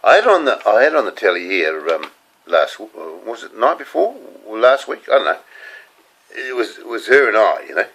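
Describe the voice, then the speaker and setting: A man's voice: lowish voice, big pitch swings, normal speed, a bit bright, husky, rough recording. An older man with a New Zealand accent, rambling through casual stories to the camera in a chatty, digressive way. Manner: chatty, digressive, laughing at his own stories. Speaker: home video host.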